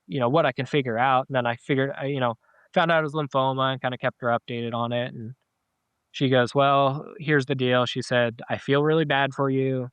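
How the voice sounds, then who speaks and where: A man's voice: mid-range voice, fairly even intonation, a little fast, fairly bright tone, clean tone, dry recording, highs cut off. A middle-aged man, a podcast guest, telling a personal story in a casual, rambling way with many fillers and restarts. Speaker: podcast guest, dog owner.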